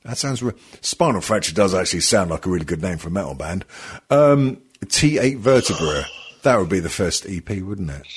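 A man's voice: sits low, animated, brisk, husky. A man hosting a casual comedy podcast, rambling, swearing and laughing often. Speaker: podcast host.

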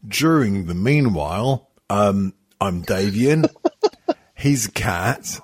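Yawning and tired, a man hosts a crude podcast chat full of jokes, swearing and rambling ums. He speaks slowly in a lowish voice with lively intonation and a breathy edge.

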